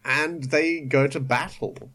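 A man's voice: a little high, fairly even intonation, slow pace, fairly bright tone. A man casually recapping a cartoon plot on a podcast with friends, with frequent hesitations. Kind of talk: casual chat.

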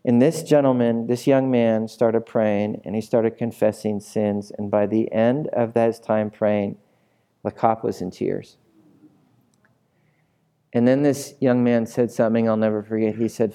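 Mellow-voiced male pastor telling a story. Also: medium pitch, moderate pace, smooth. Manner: animated storyteller acting out quoted voices. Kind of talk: sermon with storytelling.

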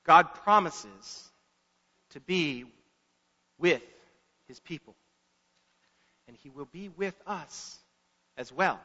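A pastor preaching a sermon in an earnest manner, repeating words for emphasis. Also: male voice, on the high side, expressive, slow, pauses often, pushed and bright. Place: church sanctuary. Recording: echoey church hall, dull lo-fi.

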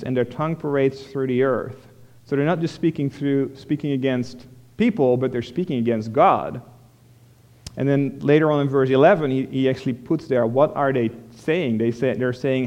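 A man's voice: medium pitch, darkish tone. A man preaching a sermon, explaining a scripture passage verse by verse in a plain, conversational way with frequent restarts. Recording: long hall reverb.

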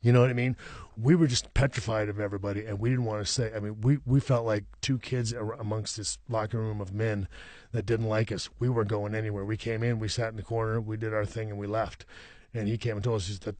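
A man's voice: fairly low pitch, flat delivery, fast talker, darkish tone, no echo. A middle-aged man, a professional wrestler, talking as a guest in a casual interview, rambling with many restarts and repeated "you know what I mean".

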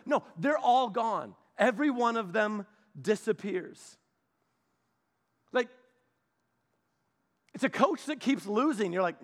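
A male preacher retells a story with playful, animated energy and quick asides to his listeners. His voice sits high and swings widely in pitch, bouncing from hushed narration to bright emphasis.

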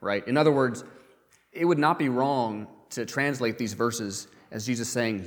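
A man preaching a sermon in a conversational way, often pausing with um and uh and repeating words as he goes. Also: medium pitch, big-room sound. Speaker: pastor.

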